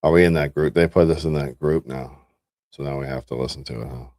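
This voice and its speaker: A man's voice: very deep voice, fairly even intonation, fast, darkish tone, no echo, clean studio sound. A man hosting a livestream in casual chat, laid-back and talking through what he is doing. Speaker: livestream host.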